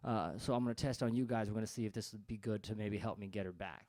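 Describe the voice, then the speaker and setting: A man's voice: on the low side, fairly even intonation, fast talker, a little mellow, slight background noise. A man doing stand-up, telling a story in a loose, rambling way full of fillers. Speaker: comedian. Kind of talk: stand-up comedy.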